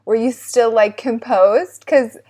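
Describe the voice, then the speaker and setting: A woman's voice: on the high side, takes it slowly, mellow. A woman in casual conversation who listens and encourages, then shares her own take. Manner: encouraging listener with short affirmations. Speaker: co-host.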